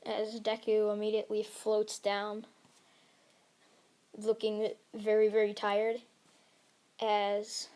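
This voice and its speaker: A woman's voice: mid-range voice, monotone, slow pace, long pauses, dark tone. A woman narrating an improvised fan-fiction story, rambling along with frequent restarts. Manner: rambling, with many restarts and fillers.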